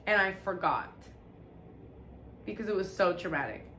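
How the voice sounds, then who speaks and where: A woman tells her story in a loose, confessional way, swearing freely and often breaking off to restart a sentence. Her voice sits at a middle pitch and carries a noticeable room echo. A faint hiss of background noise runs underneath. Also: lively intonation, bright, forceful tone. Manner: candid and profane, with halting restarts. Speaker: vlogger sharing personal testimony.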